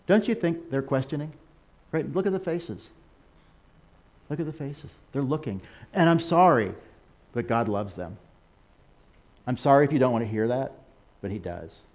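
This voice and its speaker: An American missionary speaker with a medium-pitched voice preaches a sermon over a slideshow. He's animated, tossing in laughing asides and excited exclamations.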